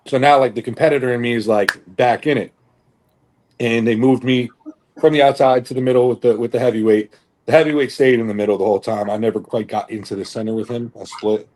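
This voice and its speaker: Talking fast with a steady tone, this young podcast co-host and bodybuilder spins a long, rambling story in casual conversation. His mid-range voice is a bit mellow, and his speech is packed with fillers and swearing.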